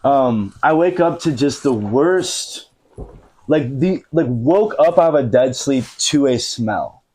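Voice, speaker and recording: Slow-talking man telling a funny story. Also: mid-range voice, expressive, darkish tone, a little hiss or hum. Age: 30s. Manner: laughing through a funny anecdote, many fillers. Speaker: podcast guest. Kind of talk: casual storytelling. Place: living room.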